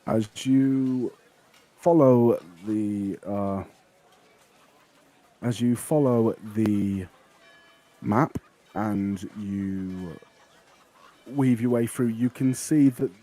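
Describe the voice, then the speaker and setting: A man narrating as game master of a tabletop game, relaxed and halting, often pausing with fillers. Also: on the low side.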